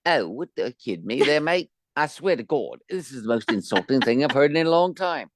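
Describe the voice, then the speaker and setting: A man's voice: mid-range voice, very animated, fairly quick, no room sound, voice pushed up. A man putting on an exaggerated stage-Cockney voice as an indignant English bloke. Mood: mock outrage. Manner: huffy, exaggerated mock outrage.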